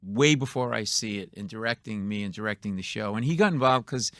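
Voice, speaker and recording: A man's voice: fairly low pitch, a bit bright, no room sound. A middle-aged man, a comedian guest, telling stories in a radio studio and acting out the people in them. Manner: acts out quoted voices, punchy and quick. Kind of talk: animated comedic storytelling.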